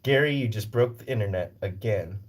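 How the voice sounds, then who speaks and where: Fairly quick and on the low side, this man's voice carries a casual rescue-animal live stream. He's from Northern Virginia on the US East Coast, cracking jokes and wandering off-topic as he answers viewers aloud.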